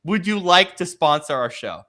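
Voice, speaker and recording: Bright, excitable man co-hosting. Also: high voice, normal speed. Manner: excitable, laughs while reading news. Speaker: podcast co-host. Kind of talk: casual chat.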